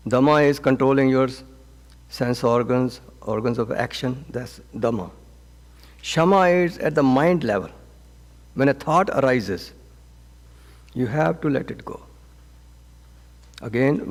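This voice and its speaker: A man as a swami teaching a scripture class, speaking gently and haltingly with frequent restarts and repeated words. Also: mid-range voice. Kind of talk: spoken scripture class with counseling advice. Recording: long reverb of a hall.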